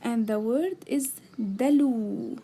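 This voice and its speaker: Recorded through a tablet mic, this slow explanatory lesson has a woman guiding beginners through the alphabet. She patiently sounds out letters and words and explains each step. Her voice is on the high side, mellow and husky, and her pace is slow.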